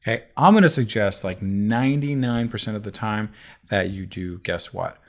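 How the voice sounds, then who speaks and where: A man teaching software in a chatty, animated way, talking himself through each step of a screen-recorded tutorial. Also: lowish voice, normal speed.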